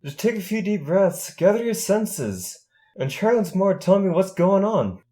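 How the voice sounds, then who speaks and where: Guy doing a high country pony mare, calm and folksy, big sister vibe. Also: normal speed. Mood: soothing. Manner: folksy drawl, calming.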